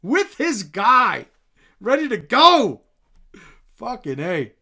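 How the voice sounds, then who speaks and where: A man's voice: very high voice, huge pitch swings, slow pace, creaky, sharp tone. Blunt, profane man reacting on camera. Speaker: commentary channel host. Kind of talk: reaction video commentary.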